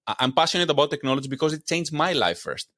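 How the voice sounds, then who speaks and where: A middle-aged man from Greece, talking fast and eagerly as a guest on a video-call interview. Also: on the high side, big pitch swings, fairly bright tone. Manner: fast-talking, enthusiastic, laughs often. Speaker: guest, insurance and AI trainer. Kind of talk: casual interview chat.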